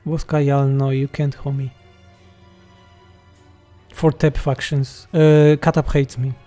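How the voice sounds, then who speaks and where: A man's voice: medium pitch, level tone, slow pace, mellow, soft background music. A man from Poland with a Polish accent, a game mod developer reading chat questions aloud and answering them bluntly and jokingly on a livestream.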